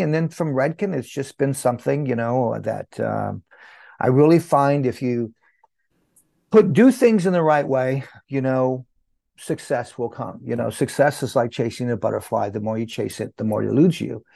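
An older man, a hair educator, guest on an interview, telling his story with animated storytelling and acted-out dialogue. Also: medium pitch, moderate pace, gravelly, dry recording. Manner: animated storyteller who acts out quoted dialogue.

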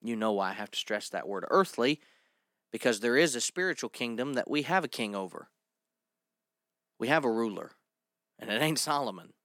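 A man preaching a sermon, emphatic and drawing out key words slowly, reading scripture aloud between his points. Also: mid-range voice, lively intonation, fairly bright tone, no echo, studio quality.

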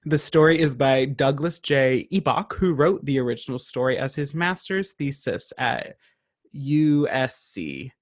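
A young man from Virginia co-hosting a casual podcast chat, making sarcastic, quick comic asides. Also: mid-range voice, expressive. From Virginia, USA. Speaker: podcast co-host.

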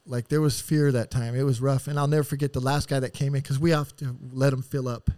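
A man telling rough stories as a podcast guest, casual and full of swearing, rambling and acting out what people said. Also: medium pitch, little pitch movement, fast talker, a little mellow, dry recording, studio quality. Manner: profane, rambling, acts out quotes. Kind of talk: casual storytelling.

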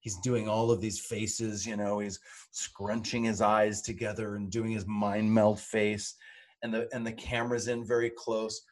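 Male co-host, middle-aged, low-pitched, animated storyteller. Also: measured pace. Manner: animated storyteller, acts out quotes. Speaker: podcast co-host. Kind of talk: casual chat.

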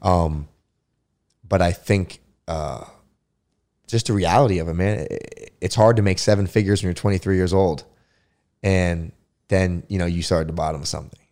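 Low-voiced man, reflective and emphatic. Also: normal speed, pauses often, a little mellow. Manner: reflective and emphatic, repeats words when restarting. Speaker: podcast guest, former pro football player. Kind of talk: casual conversational interview.

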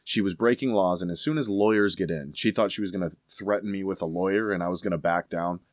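A man casually telling a story with emphatic, animated delivery. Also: deep voice, quick pace, no echo, clean studio sound.

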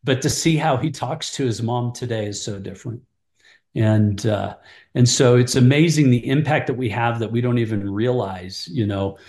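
Speaking at medium pitch in a reverberant space, a middle-aged man who leads a ministry recounts mentoring experiences for an interviewer. His earnest retelling plays both parts of old conversations with animation and the occasional restart.

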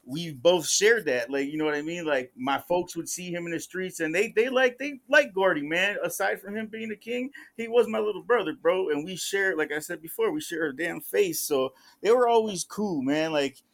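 A man's voice: high voice, expressive, normal speed, gravelly, few pauses, a bit bright. A man telling street stories in a casual podcast chat, profane and full of slang, acting out the voices of people in his tales. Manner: profane street slang, says "bro" often; acts out quoted voices in the stories. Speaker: podcast guest or co-host.

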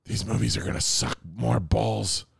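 A man co-hosting a podcast in casual, joking chat, animated and quick to slip into silly voices. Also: fairly low pitch, vocal fry, husky, no room sound, studio quality. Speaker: podcast co-host.

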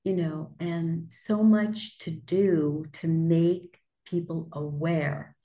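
Slow, low-voiced woman podcast host. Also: steady tone, dark tone, rough recording. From New York. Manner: slow, measured storytelling. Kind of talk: conversational interview.

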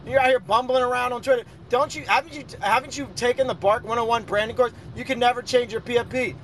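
A man's voice: very high voice, fast talker, slight background noise. A man boasting and ranting profanely in a casual chat. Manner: brash, boastful, rambling rants.

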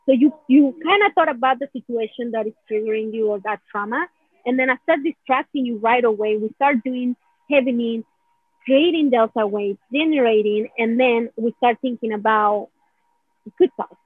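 Here she speaks at a normal speed in a fairly high, slightly rough voice, recorded dry. The talk is a meandering, conversational explanation of a healing technique, peppered with "right?" and dramatized feelings in quotes. The audio is narrow and phone-like.

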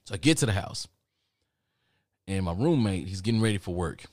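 A young man with a fairly low voice tells a personal story in a loose, profane, rambling way and chuckles at his own misadventure. The sound is dry and close, with no room echo. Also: lively intonation, brisk, a little mellow. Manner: profane, rambling, laughs at himself. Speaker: podcast host.

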